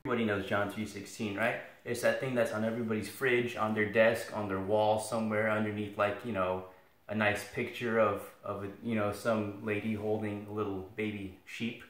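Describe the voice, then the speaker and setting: A man's voice: on the low side, level tone, a little fast, a bit bright. A man giving a casual, joking Latin lesson, sarcastic and rambling, with self-deprecating asides. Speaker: video tutor for Latin students. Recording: echoey room.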